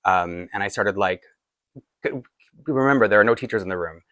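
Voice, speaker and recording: A man in his forties tells a personal story at a casual, halting pace, full of fillers and restarts. His voice sits low, and the sound is dry and close. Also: sharp tone, no echo. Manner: rambling, halting with many fillers. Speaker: doll collector vlogger.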